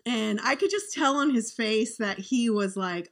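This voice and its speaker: A woman's voice: a little high, a little slow. A woman guest on a podcast, telling a personal story in an earnest, heartfelt, conversational way.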